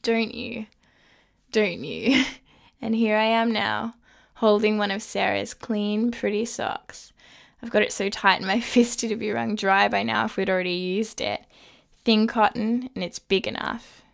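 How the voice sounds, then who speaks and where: A woman playing a teasing lover with a gravelly voice. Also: medium pitch, unhurried.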